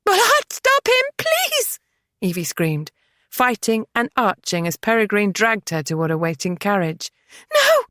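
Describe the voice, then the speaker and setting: A woman's voice: on the low side, moderate pace, a bit bright, no echo, studio quality, lightly acted. A woman voicing a shy, frightened young lady who stammers and cries out in panic. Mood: terrified.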